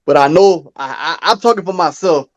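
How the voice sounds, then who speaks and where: Podcast co-host, man, high voice, earnest casual storyteller. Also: normal speed. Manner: earnest storytelling, acts out quoted dialogue in a high voice.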